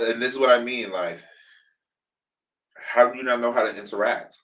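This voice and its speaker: A man's voice: medium pitch, moderate pace, pauses often, fairly bright tone, far from the mic, low-quality recording. A man co-hosting a casual review chat, telling the story with feeling, acting out quotes, and swearing freely. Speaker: podcast co-host.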